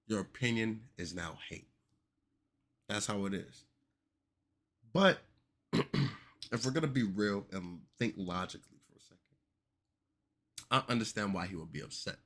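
A young man hosting a casual commentary podcast, animated and joking with exaggerated reactions. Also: lowish voice. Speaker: podcast host.

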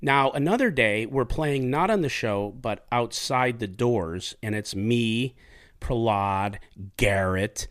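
A man's voice: mid-range voice, takes it slowly. A man hosting a podcast, telling stories in casual, profane chat. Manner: profane, animated storyteller. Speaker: podcast host.

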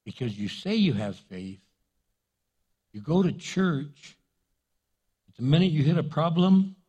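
A man pastor preaching a sermon in an animated, jokey way. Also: fairly high pitch, slow, long pauses, slightly rough.

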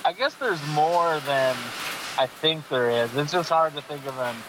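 Male co-host, pitched a bit high, unsure delivery, noise behind him. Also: expressive, a little slow. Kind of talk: casual chat. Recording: noisy background.

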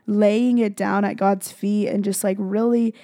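A woman's voice: mid-range voice, flat delivery, unhurried, warm tone, no room sound, clean studio sound. A young woman, a vlogger, telling a personal faith story in casual chat, full of fillers and emotional retelling. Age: young adult.

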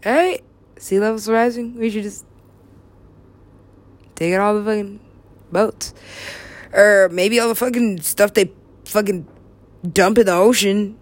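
A woman's voice: medium pitch, fairly even intonation, measured pace, long pauses. A young woman rambling to herself in a loose, profane way, now and then dropping into a whisper. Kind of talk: rambling solo talk.

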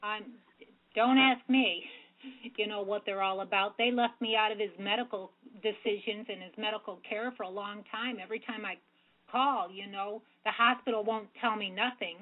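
A woman's voice: mid-range voice, steady tone, normal speed. A woman calling in to a radio interview, speaking in an upset, plain-spoken way and often trailing off, heard over a phone line. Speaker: guest caller.

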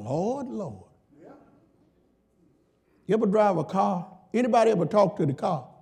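A man preaching a sermon who swings between shouts and low murmurs, acts out quoted voices in a high pitch, and talks in a folksy, emphatic way. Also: breathy edge. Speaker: pastor.

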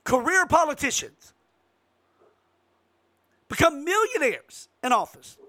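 Host, male, high bright voice, fired-up political rant with loud jumps. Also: very animated, takes it slowly. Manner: emphatic, rising to sudden loud outbursts. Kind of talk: impassioned political monologue.

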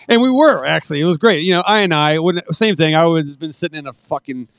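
A man's voice: a little high, fairly quick, a bit bright, dry recording. A retired Marine man in his forties telling rambling, profane war stories in a casual podcast interview.

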